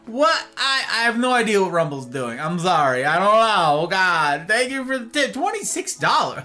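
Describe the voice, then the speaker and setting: In an unhurried, bright, forceful voice with big pitch swings, a man chats casually on his live stream and welcomes viewers individually. Faint music plays behind him as he theatrically shifts from high exclamations to low murmurs.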